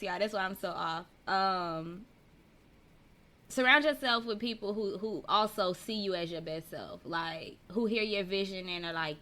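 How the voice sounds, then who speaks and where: A woman's voice: mid-range voice, moderate pace, sharp tone. A woman who teaches, hosting a casual live-streamed podcast chat, talking to viewers, reading out their comments and laughing often. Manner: chatty, reads out viewer comments. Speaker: podcast host. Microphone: personal mic.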